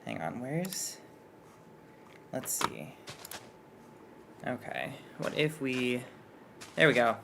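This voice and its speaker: A man's voice: medium pitch, huge pitch swings, very slow, gravelly, pauses often, background noise. A man chatting casually at home, rambling and unsure, often restarting his sentences. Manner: rambling, hesitant, nervous restarts. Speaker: streamer's partner and guest artist. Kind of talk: casual chat.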